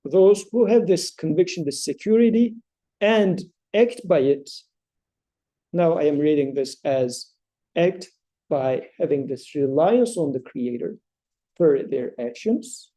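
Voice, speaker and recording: A man leading a study circle, explaining scripture thoughtfully with halting pauses and fillers, and chanting verses in between. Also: on the high side, animated, warm tone.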